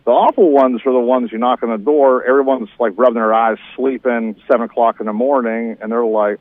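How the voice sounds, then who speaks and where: A man calling in to a radio show to tell about his job as a property manager, halting with fillers. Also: medium pitch, fairly even intonation, no room sound. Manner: halting, plain storytelling. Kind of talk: phoned-in radio interview. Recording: tinny dry phone line.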